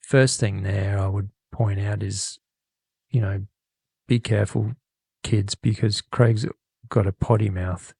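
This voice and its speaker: Co-hosting a podcast, a man casually reads a listener's email, rambling, laughing, and correcting himself with many restarts. His voice is fairly low, steady, slow, creaky, and warm with a breathy edge, captured on a studio microphone with studio quality and no room sound.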